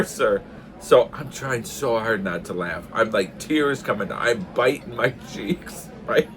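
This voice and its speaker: In a pub, an older man casually tells a funny story, often laughing hard and acting out the shouted lines himself. His voice is medium-pitched at a moderate pace, with slight background noise.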